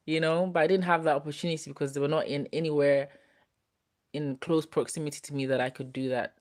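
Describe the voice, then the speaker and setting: A woman's voice: low voice, quick pace. Chatty young woman on a live stream. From United Kingdom. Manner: chatty, relaxed, talks straight to viewers. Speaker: host reading viewer comments. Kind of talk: casual live-stream chat.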